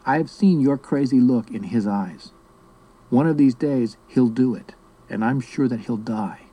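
A man reading aloud as a serious, formal young boy with a gruff little voice. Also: medium pitch, unhurried, dark tone, poor audio. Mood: solemn.

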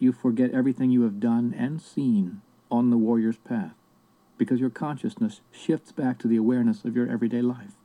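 A man's voice: mid-range voice, narrow, tinny audio, natural voice. A man reading the part of an older male sorcerer in an audiobook, speaking in a harsh, commanding, solemn way.

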